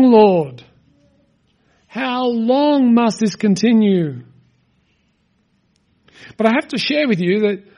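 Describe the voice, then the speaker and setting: A man's voice: sits high, darkish tone. A middle-aged pastor preaching a sermon in an earnest, conversational way, asking his listeners questions.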